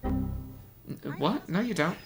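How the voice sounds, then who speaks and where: A man chatting casually and excitably, swearing freely while reacting to a film. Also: high voice, slow, creaky. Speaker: movie reaction host. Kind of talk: casual commentary over a film. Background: faint film soundtrack music.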